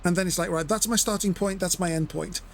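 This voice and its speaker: A man's voice: sits high, steady tone, quick pace, vocal fry, a little hiss or hum. A man giving chatty live commentary as he plays and explains his method step by step. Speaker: streamer.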